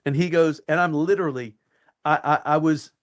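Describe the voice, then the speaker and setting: A man, an actor being interviewed, telling animated stories from film sets and acting out the lines. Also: fairly high pitch, a little fast. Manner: animated, acts out quotes and lines. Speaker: actor guest. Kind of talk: anecdotal interview storytelling.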